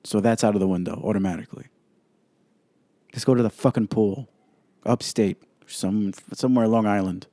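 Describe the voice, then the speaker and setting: A man hosts his own podcast alone, his voice pitched low with a warm, mellow tone. He talks bluntly and swears freely, firing off strong opinions. The recording is dry and close. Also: steady tone, moderate pace, pauses often, dry recording. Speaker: podcast host. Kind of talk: casual solo podcast commentary.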